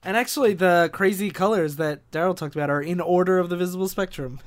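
High-voiced man making nerdy asides. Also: fast talker. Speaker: podcast co-host. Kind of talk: casual comic book discussion.

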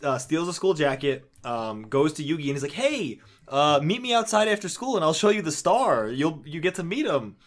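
A man's voice: on the high side, big pitch swings, normal speed, few pauses. A man co-hosting a casual podcast who retells a manga plot in a laid-back way and laughs as he talks. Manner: laid-back storytelling, laughs while talking. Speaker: podcast co-host. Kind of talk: casual chat recapping manga.

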